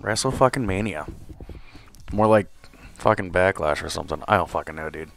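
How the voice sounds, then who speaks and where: A man's voice: deep voice, brisk, vocal fry, a bit bright, faint music behind. A young man hosting a live wrestling review stream, ranting angrily and swearing constantly. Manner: angry profane ranting, frequent cursing. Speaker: wrestling podcast host.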